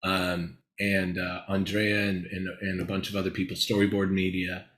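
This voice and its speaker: A man's voice: low-pitched, moderate pace, roomy sound, slight background noise, poor audio. A man from Los Angeles, a guest screenwriter, telling candid, rambling stories in an interview. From Los Angeles, USA. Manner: animated, rambling, laughs while telling stories.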